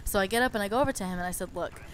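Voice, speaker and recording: A woman's voice: medium pitch, racing, a little hiss or hum. A young woman casually telling a story over game footage, chatty and exasperated, with lots of "like".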